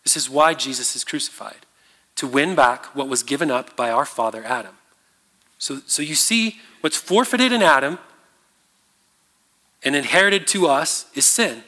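Halting pastor preaching in an echoing hall. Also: male voice, medium pitch, expressive, pushed and bright. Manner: conversational, halting, many fillers and restarts. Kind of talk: sermon. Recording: long reverb of a large hall.

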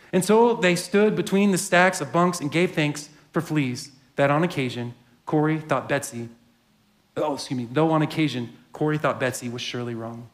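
A pastor giving a sermon and reading a story aloud in a reflective storytelling manner. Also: male voice, on the high side, moderate pace.

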